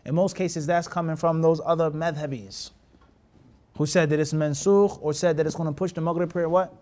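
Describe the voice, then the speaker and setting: A man's voice: a little high, fairly even intonation, moderate pace, dark tone. A man teaching a classroom hadith lesson, mixing Arabic terms into his English and often stopping to check that his students follow. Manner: asks the class rhetorical check questions. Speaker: Islamic teacher.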